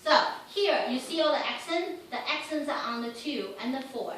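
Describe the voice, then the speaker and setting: A woman's voice: high-pitched, moderate pace. A woman teaching a piano lesson, coaching a student and singing out rhythms on syllables between short instructions. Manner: sings rhythms and counts aloud with syllables; encouraging, gives short commands while the student plays. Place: room with a piano. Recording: echoey room from far off with piano.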